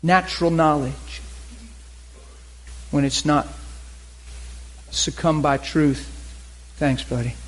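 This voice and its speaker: A man preaching a sermon to a group, animated, acting out characters in his stories. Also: mid-range voice, takes it slowly, long pauses, rough recording. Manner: animated, voices characters in anecdotes. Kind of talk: sermon with acted-out scenes.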